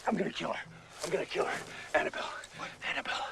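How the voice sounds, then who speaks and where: An actor playing a smooth-talking male gambler, dry and teasing, in a film clip. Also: rapid-fire, sharp tone, far from the mic, lightly acted. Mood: frantic. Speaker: film character. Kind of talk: film dialogue. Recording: film clip with background noise.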